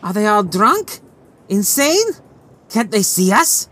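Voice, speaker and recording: A man voicing a young, excitable male lighthouse keeper who cries out in shrill, frightened bursts. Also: slow pace, exaggerated voice. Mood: alarmed.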